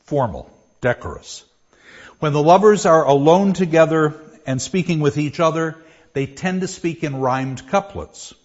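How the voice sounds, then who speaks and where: A man teaching a class, explaining verse and reading lines aloud with pauses. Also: a little high, lively intonation. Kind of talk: classroom lecture. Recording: dull lo-fi classroom recording.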